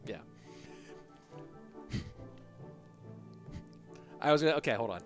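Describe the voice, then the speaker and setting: A man's voice: a little high, animated, drawn-out words, pauses often, faint music behind. A man hosting an esports live stream, chatting in a laid-back, joking way. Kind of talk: casual live-stream commentary.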